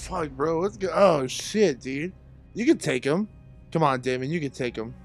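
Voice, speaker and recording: Excitable young man reacting loudly. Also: a little high, normal speed, soft background music. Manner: loud, excitable, profane exclamations. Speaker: reaction video host. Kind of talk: casual reaction commentary.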